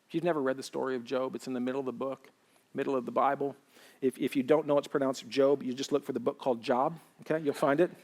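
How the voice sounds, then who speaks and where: Gravelly, higher-voiced male pastor preaching. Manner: conversational, swinging from loud and excited to quiet and soft; frequent fillers like "you know" and "like". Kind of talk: sermon.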